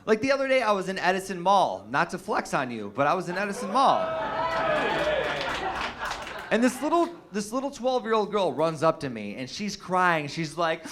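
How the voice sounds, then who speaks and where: A man's voice: sits high, big pitch swings, a little fast, few pauses, background noise. A young adult man doing a stand-up comedy set, telling stories in a loose, profane way with lots of fillers and restarts. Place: comedy stage with a live audience.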